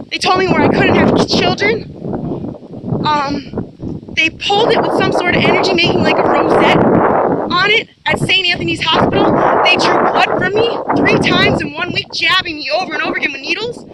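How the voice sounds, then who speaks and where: Woman, high voice, rambling personal account, insistent, lots of restarts. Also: normal speed, very noisy. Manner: rambling, repetitive, with many fillers and restarts; earnest and insistent. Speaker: person giving a personal testimony.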